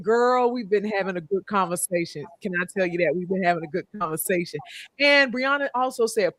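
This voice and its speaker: A woman's voice: medium pitch, normal speed, no room sound. A woman hosting a casual livestream podcast, reading viewer comments aloud and laughing often. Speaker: podcast host.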